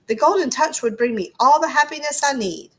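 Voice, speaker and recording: A woman's voice: high-pitched, lively intonation, brisk, a bit bright, pitched above the performer's own voice. A woman voicing a greedy, cheerful king who craves gold, read aloud to a class. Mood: eager.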